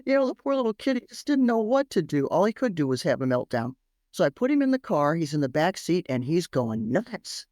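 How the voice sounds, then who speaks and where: A middle-aged woman, a parenting expert, telling stories on a podcast in an animated, emphatic way that repeats phrases for effect. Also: lowish voice, a little fast, no echo, studio quality. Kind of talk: storytelling podcast interview.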